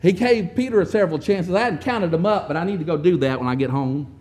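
A man preaching a sermon, telling the story with wry asides and often clearing his throat. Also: sits high, fast, a little mellow.

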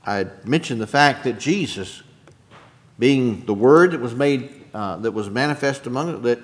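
A man preaching a sermon with a lively, swooping voice that dips low and quiet before rising up emphatic. He takes his time, speaking slowly and deliberately, with throat-clearing and chuckling asides to his congregation. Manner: emphatic preaching, dropping soft then rising loud. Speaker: pastor.

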